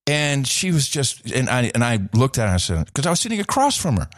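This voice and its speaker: A man's voice: mid-range voice, big pitch swings, quick pace, few pauses, dry recording, clean studio sound. A middle-aged man and host telling a story in casual chat. He rambles, restarts his sentences often and laughs now and then. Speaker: podcast host and former radio/TV host.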